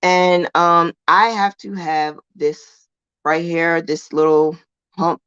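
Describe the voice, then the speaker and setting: A woman's voice: on the low side, level tone, slow, a bit bright, clear, resonant tone, dry recording, muffled recording. A woman hosting a casual crochet livestream lesson, chatty, emphatic and self-assured, repeating points for emphasis in colloquial speech. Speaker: crochet teacher and livestream host.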